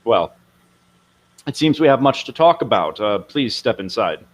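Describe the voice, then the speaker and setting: A man's voice: lowish voice, very animated, moderate pace. Man doing a courteous guard captain. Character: formal middle-aged male guard captain.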